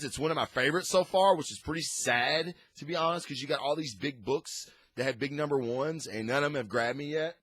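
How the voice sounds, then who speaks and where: A man's voice: on the high side, bright, forceful tone, dry recording. A man hosting a casual comic book review, rambling and enthusiastic with frequent restarts.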